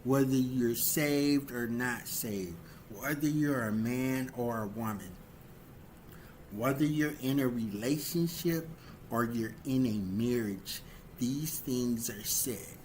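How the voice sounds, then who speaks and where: A man giving a livestreamed motivational talk on relationships, slow and deliberate, repeating key phrases for emphasis and asking rhetorical questions. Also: medium pitch, darkish tone, slight background noise. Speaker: relationship speaker.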